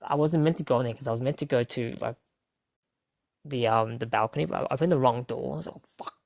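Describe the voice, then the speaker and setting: A woman's voice: rumbling low, quick pace, darkish tone, dry recording. A young Australian woman telling a story casually as a podcast guest, rambling and swearing freely, with lots of fillers.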